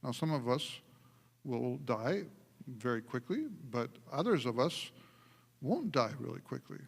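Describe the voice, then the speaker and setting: A man preaching a sermon as pastor, telling stories in an animated way and often laughing and restarting his sentences. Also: medium pitch, measured pace, vocal fry. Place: church sanctuary. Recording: long church hall reverb.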